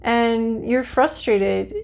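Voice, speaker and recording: A woman's voice: a little high, steady tone, drawn-out words, gravelly, a little mellow. A woman reading tarot cards to camera in a casual, frank, chatty way, thinking aloud as she draws. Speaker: tarot reader.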